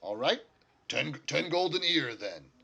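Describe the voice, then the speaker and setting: A man playing a brisk, businesslike orc boss who sets out terms in a tabletop game. He talks with a bright, forceful edge, a bit raised over the narrator's own voice. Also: a little high, big pitch swings, gravelly, slightly rough, pitched above the performer's own voice, full character voice. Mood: dealmaking. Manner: brisk, dealmaking.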